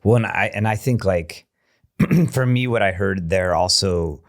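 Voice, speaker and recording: Deep-voiced self-deprecating man co-host. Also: measured pace. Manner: self-deprecating, rueful humor. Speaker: podcast co-host. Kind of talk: podcast conversation.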